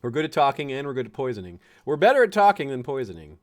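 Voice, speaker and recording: A man's voice: medium pitch, sing-song, fast talker. A man from the United States giving chatty, chuckling commentary on a strategy game, fond of puns. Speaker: game streamer.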